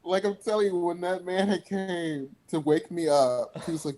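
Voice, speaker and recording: A man's voice: on the high side, fairly even intonation, normal speed, few pauses, a little mellow, slight background noise. A young man, a singer guest, telling stories in a casual interview chat and laughing often.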